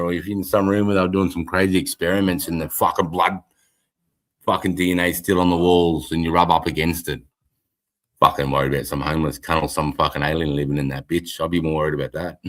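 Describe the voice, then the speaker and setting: Deep-voiced Australian man rambling. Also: fairly bright tone. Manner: rambling, heavy swearing, frequent laughter. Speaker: livestream host. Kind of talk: casual livestream chat.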